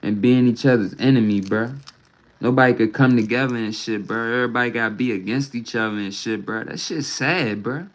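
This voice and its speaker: A man's voice: medium pitch, fairly quick, poor audio. A man venting on a casual livestream from home into a phone mic, rambling and profane, ending almost every phrase with "bruh".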